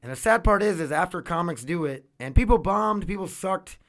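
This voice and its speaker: A man's voice: high voice, animated, fairly quick, a bit bright. A man talking casually at home in a rambling way, swearing freely, with a washer running nearby. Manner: rambling, swears freely, repeats words and restarts. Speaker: vlogger. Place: home room with laundry machine running.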